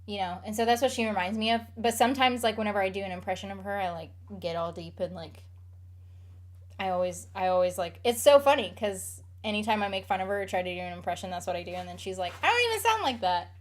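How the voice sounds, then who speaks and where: A woman's voice: mid-range voice, steady tone, fast talker. A young adult woman chatting casually as a streamer, rambling with lots of fillers while she answers chat questions. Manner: rambling, filler-heavy, frequent "like".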